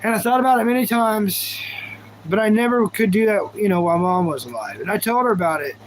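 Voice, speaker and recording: A man's voice: high-pitched, lively intonation, brisk, a little hiss or hum, rough recording. A man chatting casually on a live stream, rambling and goofy, thanking viewers as he goes. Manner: goofy, rambling, talks to chat.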